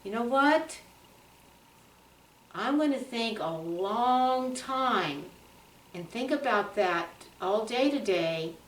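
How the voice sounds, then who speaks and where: A woman's voice: a little high, animated, slow, pauses often, recorded from a distance. A woman from a church class chatting casually and reminiscing with her pastor. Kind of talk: casual chat. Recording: echoey room, voice from afar.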